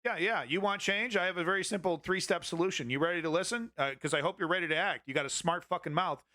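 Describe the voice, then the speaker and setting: A man's voice: high voice, fast, sharp tone, dry recording, studio quality. A man hosting a live political commentary stream, ranting heatedly and swearing at his chat.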